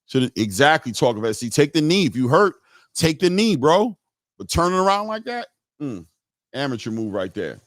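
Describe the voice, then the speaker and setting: A man's voice: a little high, big pitch swings, normal speed, no echo, studio quality. A man hosting a live boxing stream, giving casual, slangy fight commentary and talking straight to his viewers.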